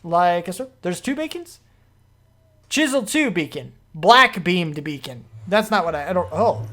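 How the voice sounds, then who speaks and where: A man commenting on his own gameplay as he plays, rambling through explanations and breaking into panicky, excitable outbursts. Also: high-pitched, a little slow. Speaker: gaming video host.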